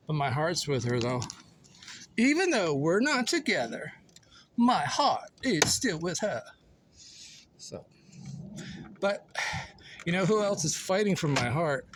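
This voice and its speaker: Man, goofy vlogger, slow drawl, very lively pitch, outdoor yard, phone on a stick. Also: background noise. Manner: goofy, playful, sing-song, laughs often. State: sleepy. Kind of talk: rambling casual vlog. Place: outdoor yard after mowing. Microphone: phone on a selfie stick.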